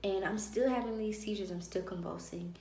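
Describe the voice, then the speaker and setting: A woman vlogger telling a personal story in a lively way and acting out the dialogue of others. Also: mid-range voice, brisk, slight background noise. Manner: animated, acts out dialogue. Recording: roomy echo.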